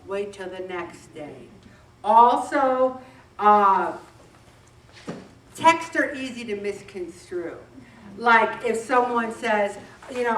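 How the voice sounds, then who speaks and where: A middle-aged woman leading a faith-based weight loss group, talking in an animated way and acting out bits of dialogue. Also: fairly high pitch, unhurried. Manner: animated, acts out dialogue with voices. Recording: echoey room, distant mic, faint background noise.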